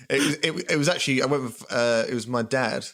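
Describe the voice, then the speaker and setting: A man's voice: medium pitch, fairly quick. A man co-hosting a comedy podcast, telling stories with lots of laughter. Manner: animated storyteller, laughs a lot. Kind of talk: casual comedy podcast chat.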